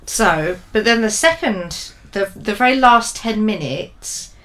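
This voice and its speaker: A woman co-hosting a podcast in casual chat, talking things through and trailing off into quiet asides. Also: mid-range voice, animated, takes it slowly. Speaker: podcast co-host and storyteller.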